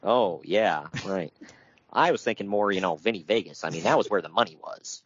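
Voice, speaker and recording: A man's voice: deep voice, a little fast, fairly bright tone, husky, lo-fi sound. A man co-hosting a casual podcast, reading from his notes and riffing on them with wry asides and frequent laughter. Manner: wry, laughs often, reads notes then riffs. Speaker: podcast co-host.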